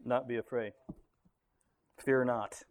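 A man leading a casual group Bible study, relaxed and thinking aloud, often chuckling. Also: medium pitch, slow.

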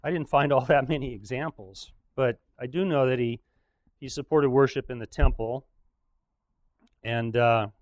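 A man's voice: mid-range voice, no room sound. A man preaching in a casual, joking way, retelling a story with frequent chuckles.

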